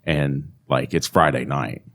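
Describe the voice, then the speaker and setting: A man's voice: extremely low pitch, fairly even intonation, measured pace, fairly bright tone. A man co-hosting a casual podcast chat, teasing his friend and laughing while telling stories. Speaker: podcast co-host.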